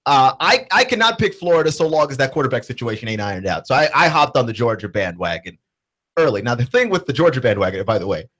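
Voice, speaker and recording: Male sports radio host, husky voice, swinging pitch, casual and argumentative. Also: fast talker. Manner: animated, argumentative, casual slang. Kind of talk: sports talk radio banter.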